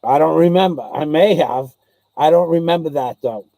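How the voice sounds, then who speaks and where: A man's voice: on the high side, moderate pace, warm tone, dry recording. A man, rambling through old memories and repeating himself as a channel host. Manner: rambling, repeats himself, mimics others' voices in anecdotes. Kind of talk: rambling storytelling chat.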